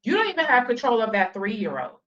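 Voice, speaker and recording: A woman's voice: fairly high pitch, sing-song, a little fast, fairly bright tone, highs cut off. Blunt, profane woman commentator. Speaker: reaction commentator. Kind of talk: livestream reaction commentary.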